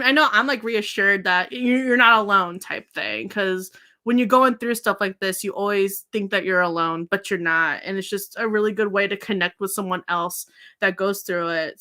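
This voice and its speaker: A woman's voice: mid-range voice, sharp tone. A young woman hosting a casual beauty livestream, rambling effusively to her viewers and laughing often.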